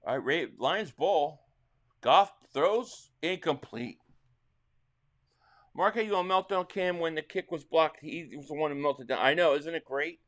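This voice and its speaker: A man's voice: fairly high pitch, unhurried. A middle-aged man with a New Jersey accent hosts a casual live-stream reaction to a football game. He chats loosely with viewers and calls the plays as they happen. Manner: rambling chat with chat readers, bursts into excited play calls.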